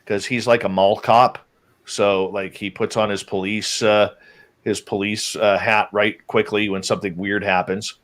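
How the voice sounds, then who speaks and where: A man's voice: fairly low pitch, unhurried. A man, a guest on a show, casually telling a story about a trip into the woods, acting out what his companions said. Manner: lively, acts out the quoted lines of his companions.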